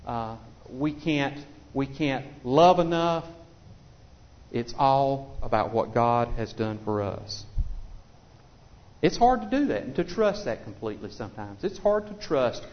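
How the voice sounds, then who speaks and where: A man's voice: mid-range voice, very animated, measured pace. A man preaching a sermon in a conversational, folksy way, often repeating himself as he restarts phrases. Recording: dull lo-fi recording.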